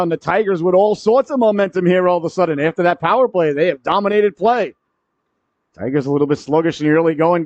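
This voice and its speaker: A man calling a high school hockey game play-by-play, cracking jokes between plays and shouting on goals. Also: no room sound. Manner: jokey asides, rises sharply to shouts on goals. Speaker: play-by-play commentator. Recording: dry, dull lo-fi broadcast audio.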